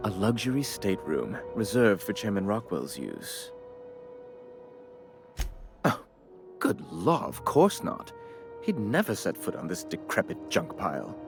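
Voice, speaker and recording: A fussy, condescending corporate bureaucrat from a video game. His voice is on the low side but swoops up and down with mannered, prim emphasis. Soft game music plays underneath. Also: wildly swooping pitch, unhurried, long pauses, exaggerated voice. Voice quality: prim, theatrical, mannered delivery.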